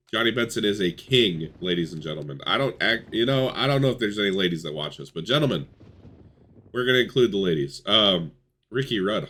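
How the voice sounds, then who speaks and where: A young man commentates a racing simulation in a casual, excitable way, cursing freely. His voice sits fairly low but has a bright, forceful edge. He swings between loud bursts of hype and low, mumbled asides. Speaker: gaming YouTuber.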